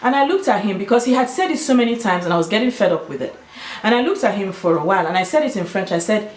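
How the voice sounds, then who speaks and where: A woman's voice: mid-range voice, lively intonation, a little fast, a little hiss or hum. A Nigerian woman with an Igbo-tinged accent, talking casually and emphatically to her vlog audience. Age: adult with children. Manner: emphatic, explaining and storytelling. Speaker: YouTuber. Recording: echoey room.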